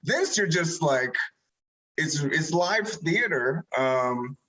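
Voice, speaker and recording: A man, an actor being interviewed, talking casually and rambling, animated when he retells moments. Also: a little high, slow, poor audio.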